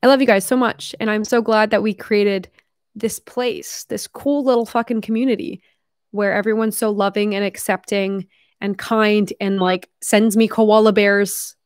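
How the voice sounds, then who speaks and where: This live streamer has a mid-range voice with fairly even intonation and a moderate pace, chatting casually to her audience with plenty of "like" and the occasional swear word. After hours of talking, her voice sounds a little worn. The recording is dry and close, with no room around it.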